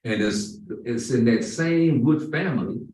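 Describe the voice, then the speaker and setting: A man giving a Friday sermon, emphatic and drawing out key words slowly. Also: mid-range voice, expressive, a little mellow. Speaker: imam. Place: mosque prayer hall. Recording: roomy echo, far from the mic.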